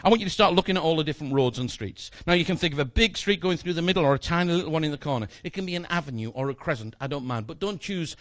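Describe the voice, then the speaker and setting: A man's voice: a little high, expressive, very fast, hardly any pauses, fairly bright tone, no echo. A middle-aged man doing playful, joking stage patter as a magician, chatting with a volunteer from the audience. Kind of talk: live comedy magic patter.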